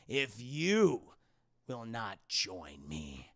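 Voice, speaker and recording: A man voicing a menacing male dark lord, speaking slowly and gravely. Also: lowish voice, wildly swooping pitch, pitched below the performer's own voice, exaggerated voice. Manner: slow, drawn-out, grave.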